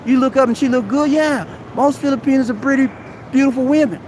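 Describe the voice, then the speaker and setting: Outdoors at a busy shopping mall, a man with a very high-pitched yet darkish voice speaks a little fast on a live stream, with some hiss or hum present. He gives preachy, exhorting motivational advice and addresses the listener as "man."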